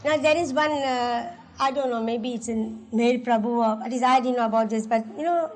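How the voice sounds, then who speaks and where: Woman, Indian English accent, fairly high voice, lively anecdotal storytelling, laughs often. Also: a little fast, poor audio. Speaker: interviewee. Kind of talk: oral history storytelling. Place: religious center.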